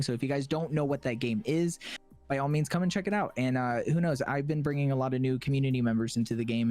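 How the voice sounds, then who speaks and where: A man's voice: mid-range voice, darkish tone. Young man chatting with many fillers. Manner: halting, many fillers and restarts. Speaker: podcast guest, streamer. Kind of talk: casual interview chat.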